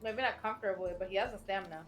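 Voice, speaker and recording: A woman's voice: mid-range voice, very fast. A woman streamer chatting casually while playing, swearing freely and laughing often. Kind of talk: casual game stream chat.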